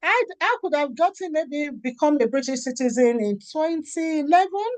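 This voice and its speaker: Animated Nigerian-raised woman telling stories. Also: high-pitched, normal speed, no room sound. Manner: animated storytelling, acts out quoted dialogue. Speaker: guest, charity founder and author. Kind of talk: conversational interview.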